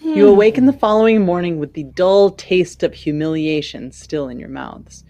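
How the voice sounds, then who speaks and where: A woman as game master, narrating a tabletop game in a measured descriptive way. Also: fairly low pitch, lively intonation, mellow, no room sound, highs cut off.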